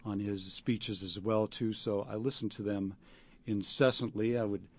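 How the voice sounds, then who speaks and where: A man, an actor, answering interview questions in a halting way, with many fillers and restarts. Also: lowish voice, steady tone, a little mellow, no echo. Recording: dull lo-fi radio recording.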